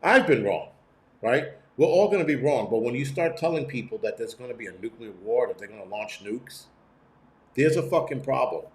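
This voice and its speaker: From a room at home, a middle-aged prepping-channel host rants on a livestream, blunt, profane and rambling. His mid-range voice is animated and moves at a normal pace, and the sound is roomy.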